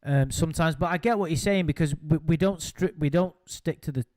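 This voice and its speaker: A man's voice: a little high, brisk, a little mellow, no room sound, studio quality. A man hosting a casual chat, rambling and hesitant with frequent ums. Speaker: podcast host.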